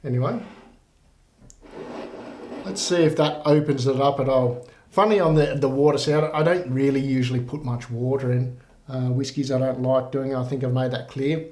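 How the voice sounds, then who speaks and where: A man giving a casual whisky tasting review in a relaxed, rambling way with many fillers. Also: mid-range voice, normal speed. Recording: roomy echo.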